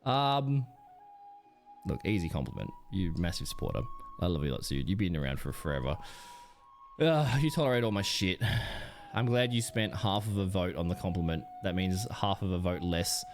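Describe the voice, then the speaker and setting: A young man live-streaming, bantering and joking with his chat, his pitch jumping up and down as he teases viewers. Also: lively intonation, moderate pace, faint music behind.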